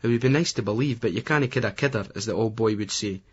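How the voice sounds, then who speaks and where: A man's voice: fairly low pitch, fast talker, slightly rough, muffled recording. A man with a Scottish accent giving gritty, colloquial first-person audiobook narration. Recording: remastered poor-quality audio.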